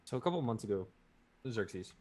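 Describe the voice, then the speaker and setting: A man's voice: on the low side, sing-song, brisk, dark tone, a little hiss or hum. A man narrating a tabletop game as game master, in loose, filler-heavy speech.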